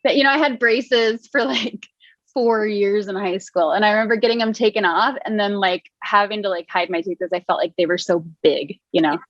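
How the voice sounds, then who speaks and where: A woman's voice: mid-range voice, fairly even intonation, brisk, dry recording, highs cut off. A woman in her thirties, a wellness coach, chatting in an interview, laughing often and using lots of fillers. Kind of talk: casual interview chat.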